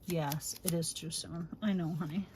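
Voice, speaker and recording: A woman's voice: lowish voice, fairly even intonation, normal speed, very noisy. A middle-aged woman hosting a crafting livestream, chatting casually and fondly, calling viewers honey and rambling with many fillers.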